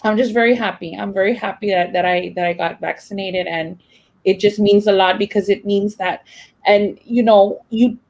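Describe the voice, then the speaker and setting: A woman's voice: mid-range voice, fairly even intonation, normal speed, creaky, darkish tone, low-quality recording. A young adult woman teacher, telling a personal story in a rambling, emotional way with many fillers and restarts. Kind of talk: casual personal account.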